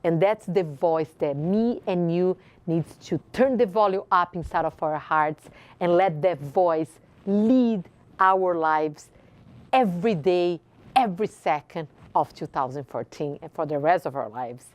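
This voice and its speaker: Her voice is lowish, a little slow, and dark in tone. She is a host from Brazil with a Brazilian Portuguese accent, giving a fervent motivational talk that leans on repeated phrases for emphasis.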